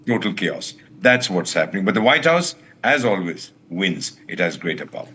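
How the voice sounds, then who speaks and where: Deep-voiced older male diplomat. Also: sing-song, pushed and bright, breathy edge. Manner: measured, articulate, formal. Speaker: former ambassador, debate guest. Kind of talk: live TV news debate.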